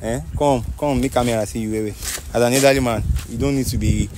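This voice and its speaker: A man's voice: mid-range voice, steady tone, fast, background noise. A young man hosting a street prank video, apologizing and pleading in a mix of English and pidgin. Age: young adult.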